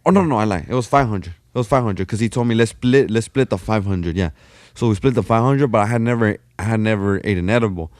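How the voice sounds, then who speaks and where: A man's voice: fairly low pitch, quick pace, a little mellow, clear, resonant tone, no room sound, studio quality. A man telling a story on a podcast in a slangy, profane way. He keeps calling his listener "fool.". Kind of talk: casual chat, storytelling.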